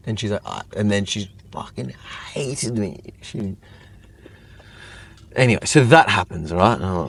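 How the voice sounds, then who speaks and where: Guest: young guy, lowish voice, rambling storyteller, heavy on "like". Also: unhurried, pauses often. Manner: rambling, lots of "like", animated retelling. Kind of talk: casual storytelling chat.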